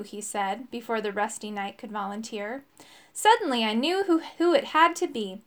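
A woman narrating a children's fantasy book in the first person, with expressive reading. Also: mid-range voice, moderate pace. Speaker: audiobook narrator. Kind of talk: storybook narration.

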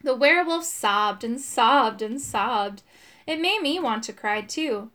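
Expressive woman reading a children's book. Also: a little high, slow pace. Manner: expressive, voicing characters. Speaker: audiobook narrator.

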